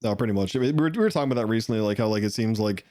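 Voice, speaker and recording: A man's voice: lowish voice, very fast, warm tone, no echo, clean studio sound. An Irish man chatting casually on a podcast, rambling and swearing a lot, often breaking into laughter. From Ireland. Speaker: podcast guest.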